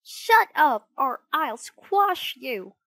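A woman voicing a mischievous, impulsive puppet boy in a storybook reading, with loud bratty outbursts. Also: fairly high pitch, expressive, unhurried, a little hiss or hum.

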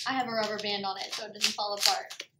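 A woman teaching a Bible lesson to preschoolers, animated and sing-song, with gasps and exclamations. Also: mid-range voice, fast, roomy sound, background noise.

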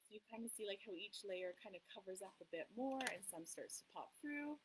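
A woman's voice: mid-range voice, expressive, a little fast, noisy background. A woman hosting a casual craft tutorial at her table, chatting as she paints and often apologizing for her slips. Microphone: table mic that cuts out.

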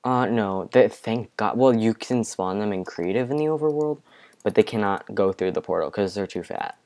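A young man giving casual let's-play commentary from his bedroom, excitable, with panicky outbursts and repeated exclamations. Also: on the low side, moderate pace. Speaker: gaming video creator. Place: home bedroom.

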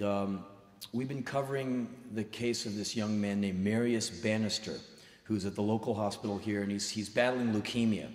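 Intense man in a reverberant hall. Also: lowish voice. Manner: intense, emphatic, acts out quoted dialogue. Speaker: spoken word performer. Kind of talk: live storytelling monologue. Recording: reverberant live hall recording.

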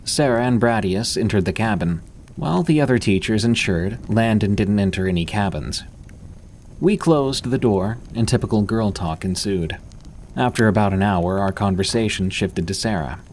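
Low-voiced man narrating horror stories. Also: normal speed, a little mellow, a little hiss or hum. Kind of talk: scripted narration of first-person horror stories.

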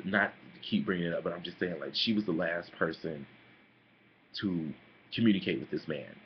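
Young male vlogger, deep voice, sassy and animated, muffled home mic with faint hiss. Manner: sassy, animated, calls listeners honey and girl. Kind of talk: casual opinion vlog.

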